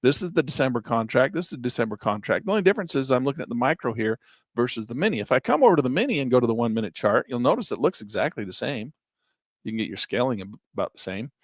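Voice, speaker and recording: A middle-aged man giving a chatty screen-share lesson on day trading, calm in his explanations but now and then breaking into excited exclamations. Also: mid-range voice, racing, dry recording.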